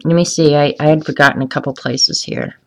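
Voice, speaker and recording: A woman's voice: low voice, very animated, fairly quick, vocal fry, a little mellow, rough recording. A woman hosting a casual live stream while coloring, chatting and ranting, answering viewers by name. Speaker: livestream host coloring art.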